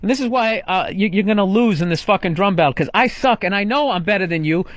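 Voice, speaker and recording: Sarcastic, high-voiced radio host. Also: male voice, fast, no room sound. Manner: needling, sarcastic, profane. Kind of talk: bickering comedy radio banter.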